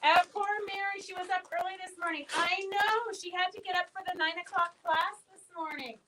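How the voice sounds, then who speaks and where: Chatty woman host, high and bright, reading viewer comments on a live sale. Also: fairly even intonation, brisk, slight background noise, rough recording. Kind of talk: casual live-stream sales chat.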